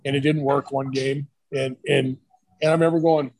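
A man's voice: mid-range voice, little pitch movement, normal speed, darkish tone, no room sound, low-quality recording. A middle-aged man, a retired football coach, telling rambling stories in a casual interview. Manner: rambling, storytelling with quoted voices.

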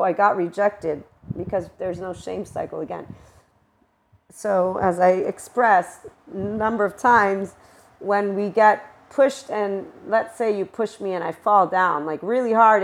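A woman hosting a spiritual talk, speaking in a casual, animated monologue with exclamations and offhand swearing. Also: mid-range voice. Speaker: spiritual channel host.

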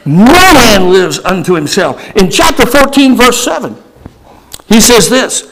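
A male pastor delivering a sermon, moving between casual asides, sudden shouts and slow emphatic stretches. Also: high voice, very animated, poor audio.

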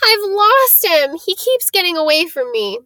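A tearful young schoolboy wails miserably in a high, quavering voice, as a woman reader acts him out. The sound is close and dry. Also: animated, a little slow, fairly bright tone, dry recording. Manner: wailing, miserable.

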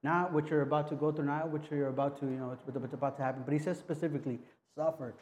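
Mellow-voiced man preaching casually. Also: a little high, fairly even intonation, dull audio. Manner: casual, halting, frequent restarts and "right?". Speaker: pastor. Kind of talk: conversational sermon.

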